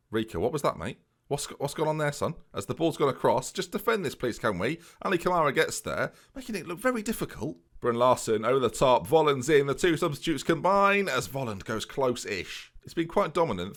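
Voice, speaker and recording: A man's voice: medium pitch, fairly bright tone. A man casually commentating on his football management game for viewers, wry and chatty. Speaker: gaming YouTuber.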